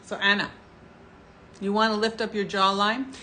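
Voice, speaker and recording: A middle-aged woman presenting skincare products in a live home-shopping show, with an enthusiastic, chatty sales pitch. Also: flat delivery, moderate pace, bright, forceful tone, a little hiss or hum. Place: TV shopping studio.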